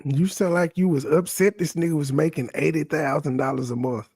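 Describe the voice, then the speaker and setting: A man's voice: fairly high pitch, fairly even intonation, brisk, darkish tone, husky, dry recording, clean studio sound. A man in an online voice chat, arguing bluntly and sarcastically as he reasons things out. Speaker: chat participant. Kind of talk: casual argumentative chat.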